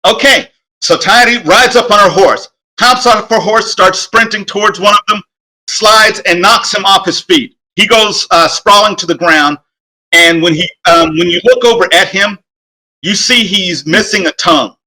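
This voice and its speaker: A man's voice: high voice, normal speed, bright, forceful tone. A man narrating as game master in a tabletop game, talking with many fillers and restarts.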